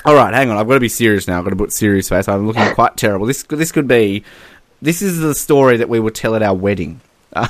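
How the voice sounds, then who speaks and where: A man's voice: mid-range voice, fast talker, dry recording. A man co-hosting a podcast, chatting casually and acting out quotes with lots of laughs. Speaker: podcast co-host. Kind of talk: casual chat. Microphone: podcast mic.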